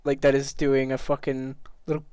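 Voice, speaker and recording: A man's voice: mid-range voice, monotone, normal speed, dark tone, clear, resonant tone, dry recording. A man with an Australian accent narrating a tabletop game as game master, casual and laughing, swearing freely.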